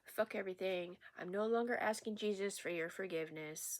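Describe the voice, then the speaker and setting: A woman's voice: mid-range voice, fast talker, hardly any pauses. A woman ranting in an unscripted vlog, rambling, profane and agitated. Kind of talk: unscripted rant to camera.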